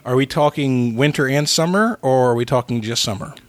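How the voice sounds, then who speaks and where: A man's voice: mid-range voice, a little fast, dry recording. Chatty man hosting a podcast quiz. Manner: chatty, asks clarifying questions. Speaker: podcast host and quiz contestant. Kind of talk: casual chat.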